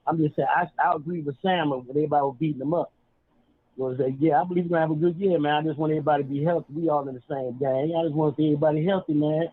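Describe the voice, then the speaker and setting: A man's voice: on the high side, steady tone, rapid-fire. A man calling in to a podcast, talking in a laid-back, slangy street style. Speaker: caller. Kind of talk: casual call-in chat. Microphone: phone call. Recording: tinny phone line.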